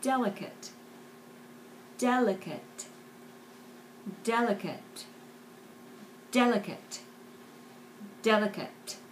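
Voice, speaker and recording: Slow, careful woman teaching pronunciation. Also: on the high side, animated, a little hiss or hum, rough recording. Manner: slow, careful enunciation, repeats each word. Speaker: English teacher. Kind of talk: pronunciation lesson, slow repetition.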